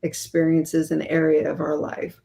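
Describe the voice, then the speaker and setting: Guest author, female, lower register, earnest explainer. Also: monotone, moderate pace, vocal fry, mellow. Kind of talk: interview explanation.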